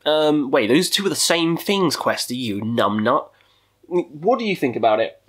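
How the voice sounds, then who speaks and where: A man's voice: a little high, very animated, unhurried, fairly bright tone, breathy edge. A man hosting a casual video countdown, talking in a profane, goofy way with jokey asides. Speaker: metal music YouTuber.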